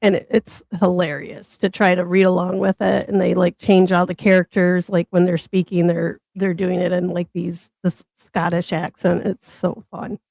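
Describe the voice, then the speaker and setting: Host, female, giggly and talkative, gravelly tone, dry close sound. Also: lowish voice, flat delivery, moderate pace, few pauses, a little mellow, dry recording. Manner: giggly, chatty, self-described nerd. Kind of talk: casual group chat on a stream.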